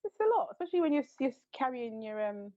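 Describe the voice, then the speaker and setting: A woman's voice: sits high, expressive, quick pace, dark tone, muffled recording. A woman co-hosting a podcast in casual chat, playful and teasing. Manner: playful, teasing, laughs easily. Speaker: podcast co-host.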